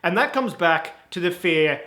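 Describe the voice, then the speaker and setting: A man's voice: high voice, animated, a little slow, pushed and bright. A young man vlogging in a rambling, self-mocking comic monologue full of jokey analogies.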